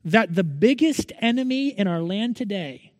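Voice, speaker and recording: A man's voice: high voice, animated, moderate pace, no room sound, big-room sound. A male pastor preaching a Sunday sermon in an earnest manner, pressing his listeners with repeated rhetorical questions.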